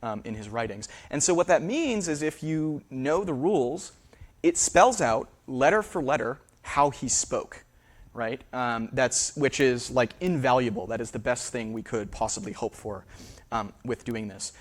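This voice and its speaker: A man's voice: medium pitch, expressive, measured pace. A man, a linguist, giving a public lecture in a theater, hesitant and full of fillers and restarts.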